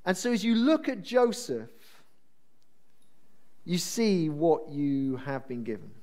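A man preaching a sermon in a chatty, self-deprecating and animated way. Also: on the high side, takes it slowly.

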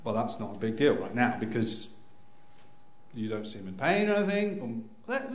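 Man, humorous storytelling, animated, slightly high voice, echoey room. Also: normal speed. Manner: animated, acts out scenes with sudden loud high cries. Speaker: speaker telling a personal story.

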